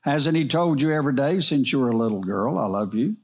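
A wise old nanny from a storybook gives firm but gentle counsel, read by a man. Her lines come at an ordinary middle pitch, steady and kindly stern. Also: fairly quick, slightly rough.

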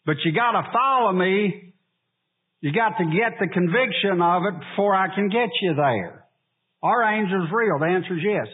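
A man preaching a sermon, asking the congregation questions and pausing for answers. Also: sits high, animated, breathy edge, phone-quality sound. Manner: preaching with call-and-response questions. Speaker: pastor.

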